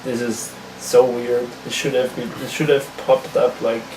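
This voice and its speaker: A man chatting casually while setting up a laptop on camera, laid-back and quick to laugh. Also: medium pitch, level tone, echoey room, background noise. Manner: laid-back, laughs often, restarts his words. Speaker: tech vlogger. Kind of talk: casual chat.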